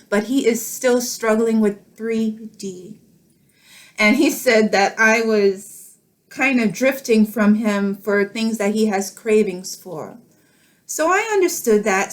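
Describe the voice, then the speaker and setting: A middle-aged woman speaking to camera in a tender, emotional personal vlog, laughing softly through tears as she talks. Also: fairly high pitch. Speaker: vlogger.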